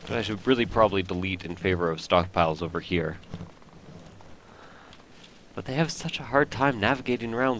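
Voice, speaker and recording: Joking, rambling low-voiced male gamer. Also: a bit bright, a little hiss or hum. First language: French. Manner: rambling, joking, self-mocking. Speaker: let's play host. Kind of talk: video game commentary.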